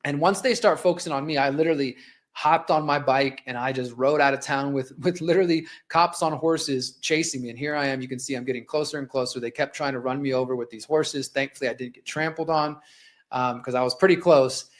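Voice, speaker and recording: A man's voice: mid-range voice, fairly even intonation, fairly quick. A man in his forties hosting a live show, telling a personal story in an impassioned, conversational way while narrating video clips. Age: 40s. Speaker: host.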